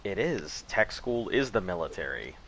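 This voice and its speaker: A man's voice: deep voice, big pitch swings, normal speed, a bit bright. A man hosting a game live stream, chatting casually and rambling, laughing at his own jokes. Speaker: gaming live-stream host.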